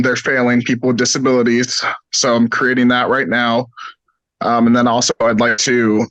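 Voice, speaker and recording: Hoarse, halting man giving a short work update on a video call; dry sound. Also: medium pitch, fairly bright tone, no echo, low-quality recording. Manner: hesitant, many ums. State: hoarse, coughing. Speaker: presenter. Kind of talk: virtual meeting presentation.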